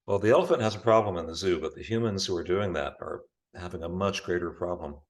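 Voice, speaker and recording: Speaking in a fairly low register, a male yoga instructor runs a live online session via video call. He takes his time, calmly prompting students on their breathing and posture in a supportive tone.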